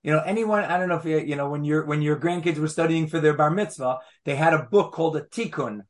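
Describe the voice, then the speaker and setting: A man's voice: fairly high pitch, fast talker. A man teaching a Torah class, explaining patiently and repeating phrases as he makes each point.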